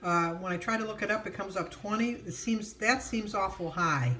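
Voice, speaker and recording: A woman's voice: mid-range voice, moderate pace, bright, forceful tone. A middle-aged woman from the United States chatting casually in a rambling, storytelling way with frequent fillers. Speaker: vlogger. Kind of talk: casual chat.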